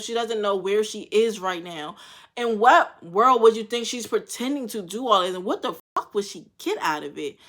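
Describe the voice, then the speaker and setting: A woman's voice: a little high, fairly bright tone. A young woman talks through a reality show episode in loose, slang-filled commentary. She is blunt and swears freely, reacting with frank opinions. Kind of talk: casual commentary.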